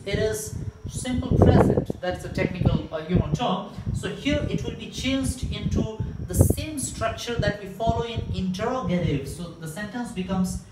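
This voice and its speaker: A man with an Indian English accent gives a grammar lesson, explaining slowly and repeating example sentences with emphasis. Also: high voice, far from the mic. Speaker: English teacher. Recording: echoey room, mic set back, faint hiss.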